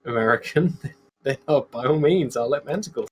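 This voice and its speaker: A man's voice: mid-range voice, expressive, moderate pace. A man playing a tabletop game, chatting casually and laughing easily. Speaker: player.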